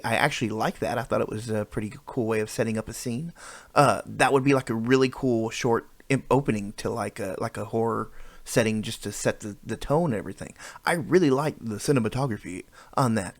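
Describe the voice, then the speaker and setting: A man's voice: lowish voice, no echo. A man giving rambling, self-deprecating reaction commentary on videos, often restarting his sentences, recorded on a new microphone. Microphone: new studio microphone.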